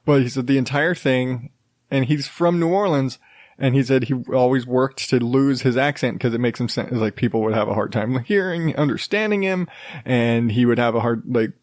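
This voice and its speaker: A man's voice: mid-range voice, moderate pace, a little mellow, no room sound, studio quality. A man hosting his own podcast, talking alone in a loose, rambling way, full of fillers and restarts. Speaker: podcast host. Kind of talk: casual solo podcast rambling.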